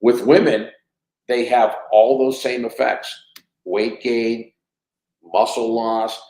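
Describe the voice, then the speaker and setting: Animated man in his sixties, roomy sound. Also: mid-range voice, slow. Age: 60s. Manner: animated storyteller who acts out quoted dialogue. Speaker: company CEO guest. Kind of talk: anecdotal storytelling in a podcast interview. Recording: roomy echo.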